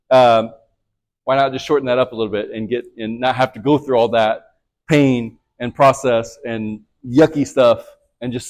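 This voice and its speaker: Speaking with a medium-pitched voice, a man leads a men's church group, teaching a lesson and sharing his own testimony conversationally while often checking in with "right?".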